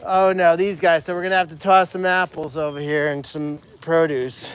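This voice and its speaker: A man with a notably high voice hosts a casual livestream outdoors at an animal sanctuary. He chats easily with viewers between tasks and calls the animals by name as he feeds them. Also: steady tone, normal speed, slight background noise.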